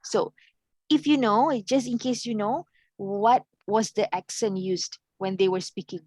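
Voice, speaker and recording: A woman's voice: mid-range voice, measured pace, a little mellow, no echo, poor audio. A young adult woman teaching an adult English class, patiently asking questions and checking that her students follow.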